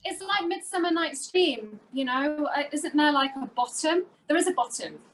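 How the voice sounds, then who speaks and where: Female talk show co-host, high voice, lively storyteller. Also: moderate pace, slight background noise, rough recording. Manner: animated storytelling. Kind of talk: casual talk show chat.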